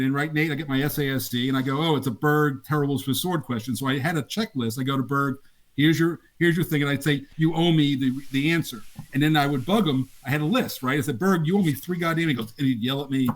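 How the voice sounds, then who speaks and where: A man's voice: fairly high pitch, quick pace. An older man, a game designer, casually telling laughing anecdotes in an interview. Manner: animated, laughing anecdotes with acted quotes.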